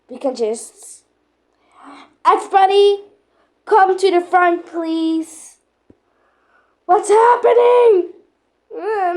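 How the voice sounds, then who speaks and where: A woman narrating and voicing a playful game role-play in an excitable, dramatic way, full of exclamations. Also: extremely high pitch.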